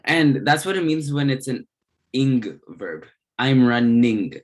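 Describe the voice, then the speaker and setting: A man tutoring a grammar lesson, explaining step by step in a deliberate way with occasional fillers and restarts. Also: medium pitch, very animated.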